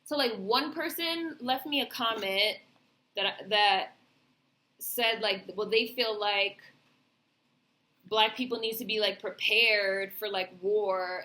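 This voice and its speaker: A woman's voice: mid-range voice, sharp tone. A woman vlogger giving a casual, rambling film review, heavy on fillers and swearing.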